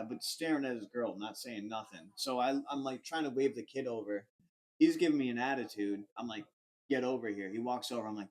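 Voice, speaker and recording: A man's voice: medium pitch, brisk, darkish tone. A young man on a casual podcast, telling a rambling, slangy story full of "like". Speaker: podcast co-host.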